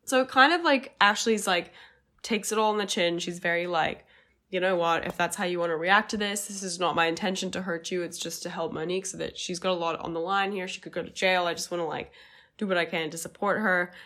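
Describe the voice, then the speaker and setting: An Australian woman co-hosting a podcast, talking in an animated, casual way and swearing now and then. Her voice sits fairly low. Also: fairly quick. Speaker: podcast co-host. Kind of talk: casual recap chat.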